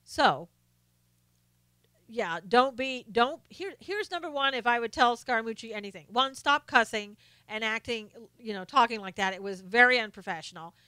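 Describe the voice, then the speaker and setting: A woman's voice: on the high side, pushed and bright, clean tone, no echo. A woman hosting a political commentary live stream. She is blunt and opinionated, lists her points one by one, and answers viewers' comments by name.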